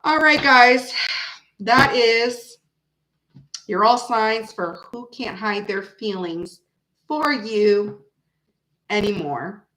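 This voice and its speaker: A woman hosts a casual live tarot stream and chats warmly with her viewers in an animated, talkative way. Her voice sits a bit high. The sound carries the echo of a bare room. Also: drawn-out words, pauses often. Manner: chatty, animated, laughs often, talks to her chat.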